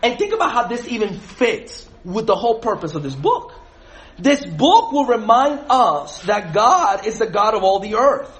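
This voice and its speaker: Animated male Bible study leader, high and lively, quizzes his group. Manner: animated, asks the group questions, laughs often.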